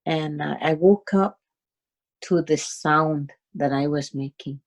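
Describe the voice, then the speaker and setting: A woman telling a personal story in a halting, unhurried way, with many fillers and restarts. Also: deep voice. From Cayuga Nation, Six Nations of the Grand River, Canada.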